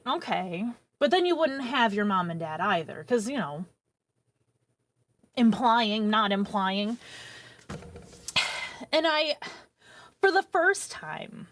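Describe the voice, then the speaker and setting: A woman in her thirties with a fairly high voice streams a long personal story to her viewers, rambling, animated, and profane.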